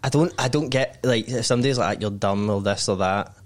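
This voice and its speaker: A man's voice: medium pitch, a little fast. A young man with a Scottish accent, co-hosting a podcast, joking in laid-back casual chat. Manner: laid-back, joking, often agrees with short "aye". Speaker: podcast co-host.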